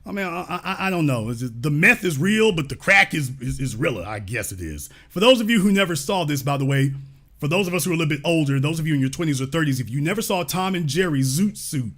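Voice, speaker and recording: A man's voice: a little high, animated, fast, a bit bright. A man hosting a livestream, giving emphatic, preachy commentary with lots of rhetorical questions. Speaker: livestream show host.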